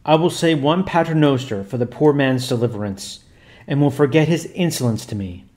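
Patient pious father, calm and measured, read by a male storyteller. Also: medium pitch, lightly acted.

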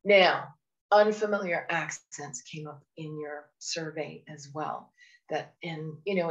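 A woman from Canada with a slightly low voice leads a webinar on handling phone calls. She talks in an earnest, encouraging way, often adding "you know" as she explains. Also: creaky, dull audio. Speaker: phone communication trainer. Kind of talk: webinar presentation.

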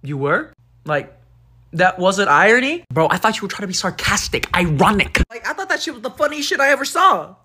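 A man's voice: sits high, big pitch swings, brisk, pushed and bright. A man talking casually and sassily to a phone camera, ranting in short comic bits. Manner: casual, sassy, rants.

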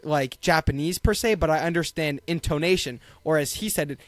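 Brief: male podcast co-host, worn out after a long day, rambling casual sports chat, slightly high voice, dry close sound. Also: a little fast, dry recording. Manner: rambling, self-deprecating, many fillers. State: tired.

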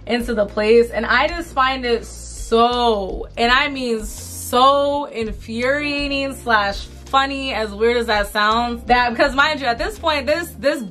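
A young woman vlogger telling an indignant storytime while doing her makeup, animated, full of slang and repeated phrases. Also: fairly high pitch, takes it slowly, few pauses, faint music behind. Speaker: beauty vlogger.

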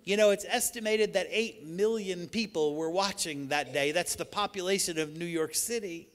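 A man preaching with a notably high voice, his words ringing out through a church with a long reverb. His delivery is emphatic, climbing to loud, repeated declarations. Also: moderate pace. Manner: emphatic preaching that swells to shouted repetitions. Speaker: pastor. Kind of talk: sermon. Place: church sanctuary.

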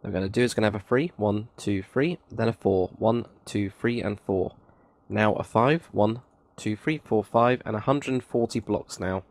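Man, game tutorial host, raspy edge, counting aloud, casual asides. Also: lowish voice, moderate pace, no echo. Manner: counts blocks aloud, chatty asides, self-mocking. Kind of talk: casual screen-recorded building tutorial.

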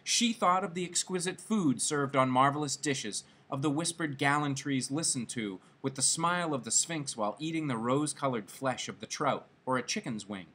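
A man reading a classic short story aloud, in an expressive, dramatic manner. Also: mid-range voice, moderate pace, hardly any pauses, breathy edge. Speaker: story reader.

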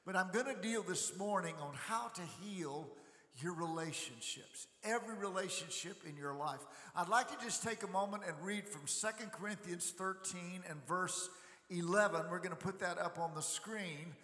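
Male preacher, jovial and interactive, forceful bright tone, echoey church hall. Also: sits high, moderate pace. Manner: jovial storytelling, asks crowd to respond. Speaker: guest preacher. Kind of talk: sermon. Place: large church sanctuary.

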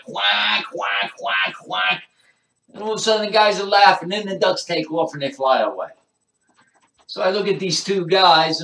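This is a New man doing stand-up, a rambling storyteller who keeps circling back to the same points. His voice sits a little high and sounds bright and forceful. It carries through an echoey room from a step back off the mic. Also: recorded from a distance. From New Jersey. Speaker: comedian.

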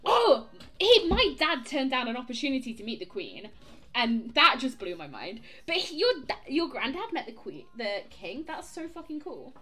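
Lively giggly woman streamer. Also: high voice, normal speed. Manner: animated, giggly, swearing storyteller. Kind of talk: casual chat while gaming.

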